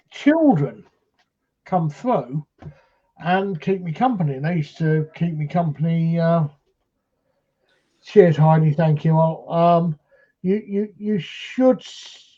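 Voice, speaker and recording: A high-pitched man with a mellow, darkish tone tells a rambling paranormal anecdote in casual live-stream chat. He keeps stopping and restarting between fillers. The sound is dull and lo-fi. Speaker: paranormal investigator.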